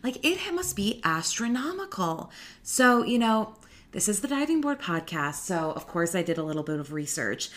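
A woman's voice: medium pitch, sing-song, normal speed. A woman hosting a podcast in casual, gossipy chat, full of "like" and asides. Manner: chatty, heavy use of "like", gossipy. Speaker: podcast host.

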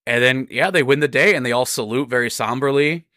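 Young man, excitable movie chat, loose and profane, dry close mic. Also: mid-range voice, fairly quick, no room sound. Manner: excitable, swears a lot, acts out reactions. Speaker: podcast co-host. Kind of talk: casual movie review chat.

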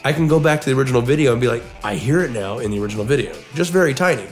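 A man's voice: mid-range voice, expressive, rapid-fire, faint music behind. A man co-hosting a casual podcast, telling a long story and often repeating words as he goes. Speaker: podcast co-host.

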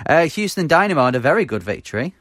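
A man from the UK co-hosting a casual football podcast, talking in a halting way with many fillers and stumbling over foreign names. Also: on the high side, very animated, a bit bright, no room sound, studio quality. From United Kingdom. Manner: halting, many fillers, laughs at own mispronunciations. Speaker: podcast co-host.

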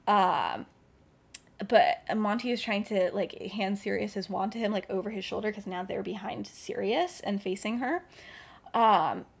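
A woman's voice: mid-range voice, measured pace, gravelly, slightly rough. A woman hosting a podcast, retelling a story casually and at length. She fills her talk with fillers and chatty asides. Her voice sits in the middle of the range. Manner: chatty, with many filler words. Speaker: podcast host.

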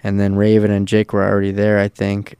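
A man's voice: lowish voice, monotone, a little fast, dark tone, smooth, no room sound. A young man telling a long, loose road-trip story in casual chat, swearing freely and filling his talk with "like". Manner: loose and profane, full of fillers.

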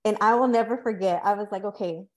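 A woman's voice: medium pitch, fast talker. A woman hosting a podcast, telling a personal story in a reflective, emotional way with many restarts. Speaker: podcast host. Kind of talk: candid conversational storytelling.

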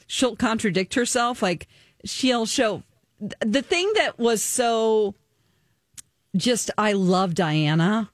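A woman's voice: medium pitch, lively intonation, slow, dry recording, studio quality. A woman co-hosting a podcast, chatting casually and gossiping about a reality show, rambling with restarts. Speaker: podcast co-host.

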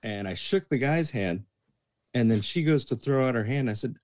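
A man's voice: mid-range voice, normal speed. A man chatting casually, telling bartending stories and acting out the voices of the people in them. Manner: animated storyteller, acts out quoted voices. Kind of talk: casual storytelling chat.

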